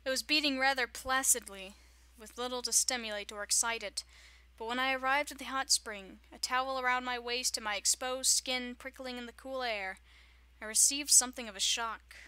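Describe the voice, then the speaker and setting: A woman's voice: a little high, fairly even intonation, moderate pace, bright, forceful tone, smooth, dry recording. A woman reading a visual novel's text aloud with joking, sarcastic commentary, often laughing.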